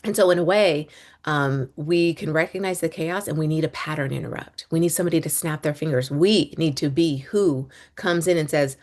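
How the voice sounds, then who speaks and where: Give me a low-pitched woman in her thirties hosting a casual coaching talk, conversational and full of restarts. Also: moderate pace, darkish tone. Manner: conversational, rambling with fillers and restarts. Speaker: podcast host, business coach. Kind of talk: casual monologue.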